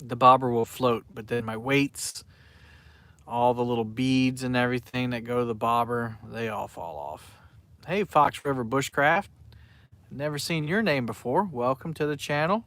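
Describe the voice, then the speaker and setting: A man's voice: medium pitch, moderate pace, fairly bright tone, no room sound. Chatty man live-streaming while fishing. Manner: rambling, chatty, reads out viewer names. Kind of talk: casual live stream chat. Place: outdoors by the water at night.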